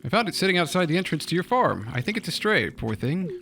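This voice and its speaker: A kindly, folksy middle-aged rancher woman from a farming game, as a man reads her lines aloud. The voice is pitched well up and rough at the edges. He raises it high for her. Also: sing-song, quick pace, a bit bright, slight background noise, heavily acted. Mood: friendly. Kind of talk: reading game dialogue aloud.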